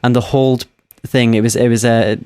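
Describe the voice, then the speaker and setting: A man's voice: mid-range voice, little pitch movement, fairly quick, darkish tone, clear, resonant tone. A man co-hosting an interview, casual and joking. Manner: joking, laughing easily. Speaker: podcast co-host.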